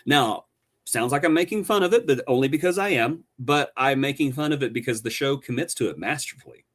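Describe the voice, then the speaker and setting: A male podcast co-host reviews a show in an animated, sarcastic way. His pitch moves widely, and his delivery turns theatrical for effect. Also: fairly quick.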